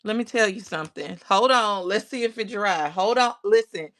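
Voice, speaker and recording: A woman's voice: medium pitch, normal speed, noisy background. A woman hosting a casual crafting livestream, greeting viewers by name, reading their comments aloud and talking herself through her work. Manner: talks to herself while working on crafts.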